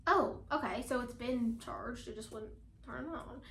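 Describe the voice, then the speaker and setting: A teenage girl vlogging in a casual, chatty way, talking fast with lots of fillers and laughing often. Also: a little high, a bit bright, roomy sound. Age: teens. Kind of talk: casual chat.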